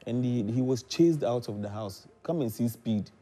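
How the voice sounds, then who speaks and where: Ghanaian male guest, lively storyteller, laughing delivery, faint music underneath. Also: medium pitch, moderate pace. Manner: animated, laughs while telling stories, acts out quotes. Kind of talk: casual chat, storytelling.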